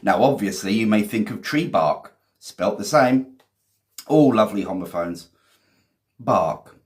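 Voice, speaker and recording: A man with a fairly low voice leads a vocabulary lesson at a slow, easy pace. He reads out learners' sentences, gives quick praise, and drops in corny jokes. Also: lively intonation. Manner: chatty and encouraging, quick praise, cheesy jokes. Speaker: English teacher. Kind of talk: live-stream vocabulary lesson, reading viewers' sentences.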